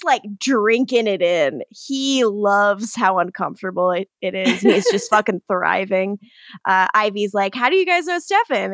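A woman co-hosting a podcast, recapping an episode in casual chat, animated and profane, acting out the characters' lines. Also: a little high, dry recording, studio quality. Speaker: podcast co-host.

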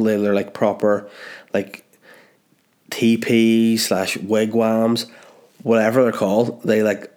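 A man's voice: on the low side, little pitch movement, slow pace, long pauses, a little mellow. A man with a Belfast-area Northern Irish accent, telling a rambling, self-mocking comic story on his podcast while congested with a blocked nose. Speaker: podcast host. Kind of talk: comedic storytelling.

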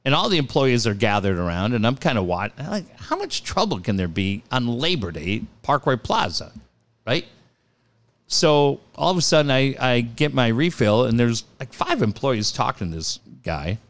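A middle-aged man with a medium-pitched voice and moderate pace hosts talk radio. His casual chat features profane, lively stories in which he acts out the quotes.

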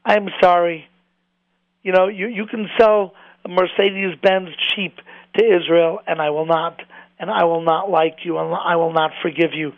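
A man's voice: high voice, fairly even intonation, normal speed, no room sound, phone-quality sound. A man speaking as a rabbi in a passionate sermon, repeating words and rising when stirred. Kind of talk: impassioned sermon.

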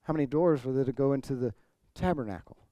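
A man's voice: mid-range voice, quick pace, dark tone, no echo. A man pastor preaching an expository sermon, earnest, building to emphatic points. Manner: earnest preaching, rising emphasis, occasional throat clearing.

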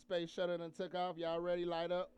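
A man hosting a podcast, opening with loud, hyped, profane banter. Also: high-pitched, monotone, brisk, clear, resonant tone, no echo, highs cut off. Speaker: podcast host. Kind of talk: casual podcast intro.

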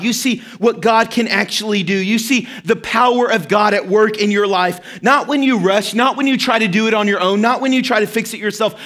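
High-pitched guy preaching to his church, earnest, acts out the prayers. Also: a bit bright. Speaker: pastor. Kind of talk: sermon.

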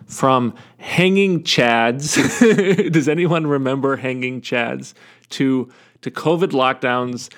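A man's voice: mid-range voice, fairly bright tone. A man hosting a solo podcast, talking in a wry, sarcastic monologue with frequent restarts. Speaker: podcast host.

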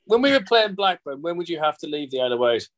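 A man's voice: fairly high pitch, big pitch swings, fast, a bit bright. A man hosting a casual football podcast, jokey and chatty. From England. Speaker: podcast host.

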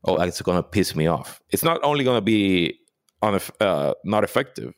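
A man, a political consultant giving emphatic, animated answers in a podcast interview. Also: low voice, moderate pace, dry recording, clean studio sound. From Puerto Rico. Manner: emphatic, animated, repeats for stress.

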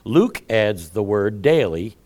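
Animated folksy male preacher. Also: fairly low pitch, slow pace. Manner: animated, swings from quiet to loud, chuckles; folksy, conversational. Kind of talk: sermon.

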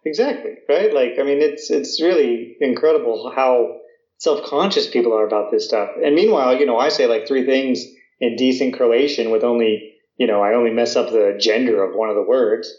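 An American man chats through an interview answer in a relaxed, self-deprecating way, full of fillers and restarts. His voice is mid-pitched and rings in an echoey room. The audio is slightly muffled. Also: moderate pace. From United States. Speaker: guest, American living in Croatia.

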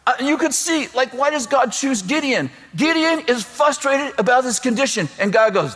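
A man's voice: very high-pitched, lively intonation, normal speed, fairly bright tone, big-room sound. A man preaching a sermon, telling comic stories and acting out the voices of the people in them. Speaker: pastor.

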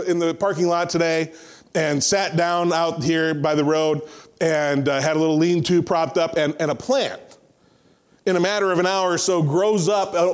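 A man preaching a sermon, retelling a scripture story in an animated, conversational way and acting out the voices. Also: high-pitched. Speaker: pastor.

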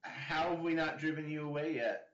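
A man's voice: fairly high pitch, fairly even intonation, normal speed, a bit bright. A man hosting a casual online podcast interview, joking and breaking into laughter. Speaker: podcast host. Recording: dull lo-fi audio in an echoey room.

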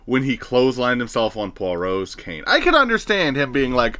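Bright-voiced, wry man in casual chat. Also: mid-range voice, very animated, moderate pace, dry recording. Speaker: podcast co-host. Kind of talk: casual movie review chat.

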